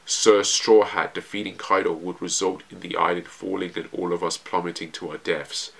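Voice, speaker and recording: A grim gang boss with a low, subdued voice, put on by a man. He speaks slowly and gravely, each word heavy with doom. He sounds calm and unhurried.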